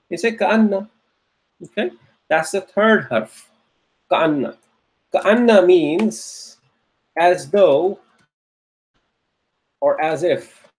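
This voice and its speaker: A man teaching an online grammar lecture, patiently repeating points and checking in with the class. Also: high voice. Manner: patient, repetitive, checks in with "okay?". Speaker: Arabic teacher.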